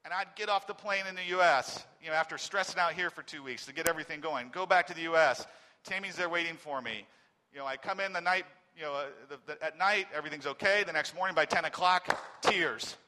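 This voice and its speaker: A man in his forties tells a personal testimony in a bright, forceful voice that sits a little high for a man. He moves from loud, stressed words to near-silent, halting phrases. A long reverb from a large hall hangs on every word. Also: slight background noise. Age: 40s. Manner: swings between loud emphasis and very quiet, halting speech. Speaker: speaker giving a personal testimony.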